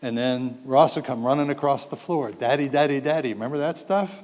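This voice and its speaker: Older man giving an animated talk in a hall. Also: medium pitch, a little fast. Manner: animated storytelling, acts out quotes, jokes with the audience. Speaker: speaker giving a talk to parents. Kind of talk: public talk to an audience. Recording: long hall reverb.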